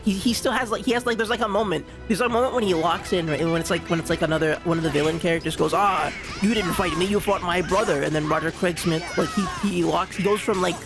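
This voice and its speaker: A young man talks through a game in loose, rambling commentary, full of restarts and fillers. His voice sits fairly high, with a gravelly edge. Game music plays clearly beneath him. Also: steady tone, fast, few pauses. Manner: rambling, restarts, lots of "like" and "you know". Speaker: streamer. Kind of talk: casual gameplay commentary.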